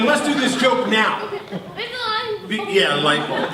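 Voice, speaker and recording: A male performer jokes his way through a live bubble show, with a lively voice that swings up and down and an unhurried delivery. He is recorded from out in the audience, so his voice sounds distant in a roomy theater full of crowd noise and background hiss. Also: high voice. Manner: playful teasing banter with the audience. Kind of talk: live stage comedy patter. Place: theater stage before an audience.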